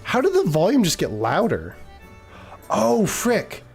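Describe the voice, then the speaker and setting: Rambling male streamer, lively pitch. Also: creaky, faint music behind. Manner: rambling, distracted, quick to trail off. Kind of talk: casual gameplay chat.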